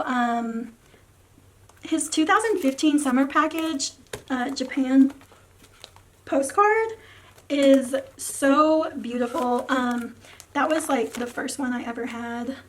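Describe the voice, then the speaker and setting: A young woman with a sore, tired throat, chatting in a rambling way about her collection, with lots of fillers and soft trailing words. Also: sits high. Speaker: photocard collecting vlogger. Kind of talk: casual rambling vlog talk.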